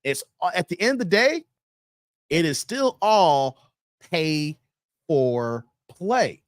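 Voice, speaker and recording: A Chicago man with a fairly high-pitched voice hosts a casual livestream, speaking slowly and animatedly straight to his viewers. He chuckles often and reads the chat aloud, and the audio is close and dry with no room echo.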